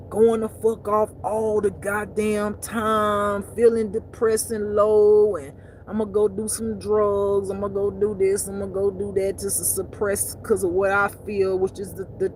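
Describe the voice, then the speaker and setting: A woman at a middle pitch talking as a spiritual life teacher, casual and unfiltered. She swears freely and hammers her points home with animated emphasis. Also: slight background noise. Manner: blunt, profane, emphatic and animated.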